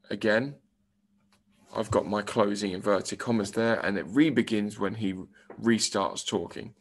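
Slow, low-voiced male teacher. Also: fairly even intonation, slightly rough. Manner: explains slowly and step by step, reading example lines aloud. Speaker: primary school teacher. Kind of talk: recorded remote English lesson.

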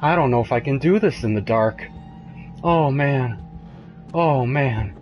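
A man's voice: mid-range voice, measured pace, muffled recording, faint music behind. Jumpy, swearing young man gamer. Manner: profane, jumpy, muttering and yelping with fear. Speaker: gamer streaming a horror game. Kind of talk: frightened live gameplay commentary.

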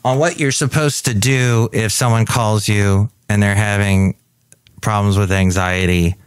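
A man's voice: on the low side, steady tone, measured pace, smooth, dry recording, studio quality. A man hosting his own podcast in a chatty, rambling, self-mocking way. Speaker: podcast host. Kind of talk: casual chat.

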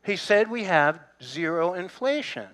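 A man's voice: high voice, sing-song, a little slow, fairly bright tone. A middle-aged male pastor preaching a sermon in a conversational way, with humor and asides to the congregation.

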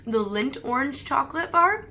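Bright chatty young woman vlogger. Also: sits high, lively intonation, moderate pace, slight background noise. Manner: chatty, leans on "like" as filler. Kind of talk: casual chat while taste-testing snacks.

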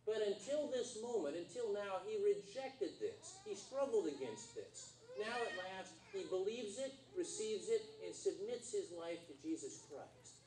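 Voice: medium pitch, lively intonation, unhurried, hardly any pauses, warm tone. Conversational pastor preaching in an echoey church. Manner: conversational, quizzes the congregation. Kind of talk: sermon. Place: church sanctuary. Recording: roomy church hall from far off, faint noise.

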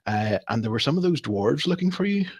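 A man's voice: mid-range voice, sing-song, husky, dry recording, voice pushed up. A man voicing a hesitant male messenger who stumbles through his news in a tabletop game. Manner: hesitant, halting, full of "uh".

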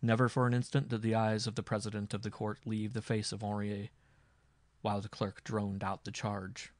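Brief: male audiobook narrator, low voice, dry close-miked sound, measured dramatic reading. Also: level tone, dry recording. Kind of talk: scripted narration.

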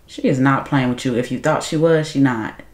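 A woman hosting a movie reaction, outspoken and loud, laughing often and talking straight to her viewers. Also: extremely low pitch, fairly quick, echoey room. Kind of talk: casual reaction commentary to viewers.

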